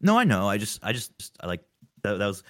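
A man's voice: on the low side, huge pitch swings, fast, fairly bright tone, dry recording, clean studio sound. A man co-hosting a podcast in casual chat, rambling and giggly, poking fun at himself. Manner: giggly, rambling, self-deprecating. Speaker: podcast co-host.

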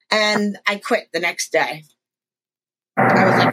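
Bright-voiced woman telling a frank story. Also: medium pitch, takes it slowly, poor audio. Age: 40s. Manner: candid, profane, rambling with restarts. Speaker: podcast co-host. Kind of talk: casual chat, personal storytelling.

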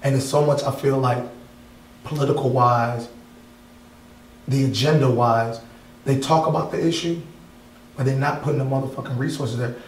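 A man's voice: medium pitch, steady tone, normal speed, pauses often, slight background noise. Blunt, heated man in an echoey gallery. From Wisconsin, USA. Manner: blunt, heated, swears freely. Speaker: artist guest. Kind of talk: casual interview. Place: art gallery.

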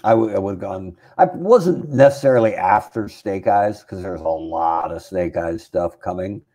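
A man's voice: low voice, normal speed. A man co-hosting a casual chat show, bantering in a jokey way. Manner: jokey, animated. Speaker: podcast co-host.

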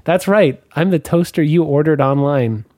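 Sweet chirpy toaster wife , a guy doing her, kinda high, dry mic. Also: moderate pace, mellow, dry recording, lightly acted.

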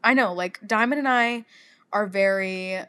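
A young woman co-hosting a casual podcast chat, loud and profane, breaking into quick laughter. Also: mid-range voice, clear, resonant tone. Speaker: podcast co-host.

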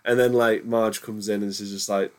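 A man's voice: lowish voice, flat delivery, normal speed. A man hosting a podcast in casual chat, rambling with many restarts and fillers. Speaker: podcast host.

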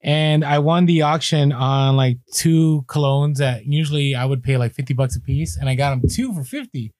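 A man co-hosting a podcast, telling stories in a chatty, animated way with lively asides. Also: medium pitch, moderate pace, no echo, clean studio sound. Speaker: podcast co-host. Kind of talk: casual podcast chat.

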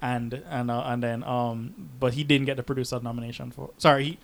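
His voice is gravelly and medium-pitched, and he talks a little fast. As co-host of a laid-back film podcast, he spins energetic stories and performs the voices of the people he quotes.

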